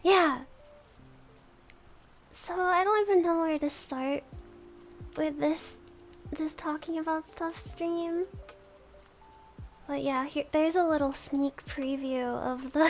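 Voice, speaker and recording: A woman's voice: sits high, slow pace, long pauses, faint music behind. A woman streaming casual chat, giggly, thanking subscribers one by one. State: has the hiccups.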